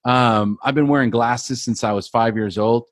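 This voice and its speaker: A man's voice: mid-range voice, fairly even intonation, moderate pace, dry recording, studio quality. A man, a life coach, telling his personal story as a podcast guest in an earnest way, often repeating words as he builds the tale.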